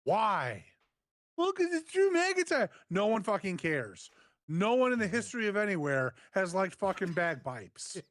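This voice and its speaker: A man's voice: high voice, huge pitch swings, unhurried, a bit bright, no room sound. A man co-hosting a wrestling review show, ranting angrily and sarcastically with lots of swearing. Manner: angry, sarcastic ranting with mocking impressions. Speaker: podcast co-host.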